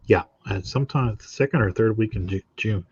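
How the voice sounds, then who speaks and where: Low-voiced man chatting casually, lo-fi. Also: fairly quick, breathy edge, no echo. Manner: relaxed, rambling with many fillers. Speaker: comic artist guest. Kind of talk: casual chat on a live stream.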